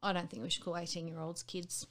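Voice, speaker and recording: A woman's voice: on the low side, flat delivery, fast talker, fairly bright tone. Woman in her late 30s, interview guest, candid and rambling, acts out quotes. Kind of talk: candid personal conversation.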